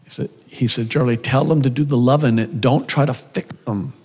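A man's voice: medium pitch, fairly even intonation, brisk, darkish tone, husky. An older man preaching a sermon with folksy, conversational storytelling in a church. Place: church sanctuary. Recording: church hall reverb.

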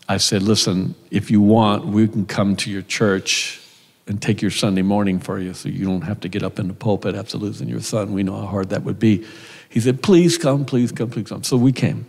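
A man's voice: on the low side, creaky, darkish tone. An older man preaching a sermon with folksy, conversational storytelling in a church. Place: church sanctuary. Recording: church hall reverb.

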